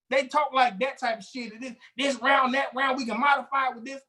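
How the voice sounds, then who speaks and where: A man co-hosting a casual podcast, telling work stories in a loose, profane, animated way with frequent restarts. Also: extremely high pitch, fairly quick, few pauses. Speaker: podcast co-host. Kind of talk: casual chat, storytelling.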